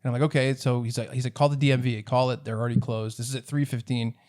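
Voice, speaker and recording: A man's voice: mid-range voice, level tone, quick pace, darkish tone. A man co-hosting a comedy podcast, telling a long story in casual chat, acting out both sides and laughing often. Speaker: podcast co-host.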